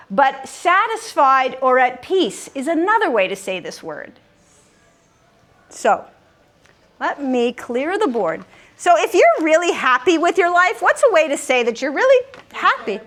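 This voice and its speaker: High, unhurried woman hosting a word game. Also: fairly bright tone. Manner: patient, coaxing, gives clues and repeats answers. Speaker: quiz host. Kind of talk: leading a live word game. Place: common room of a senior-living community.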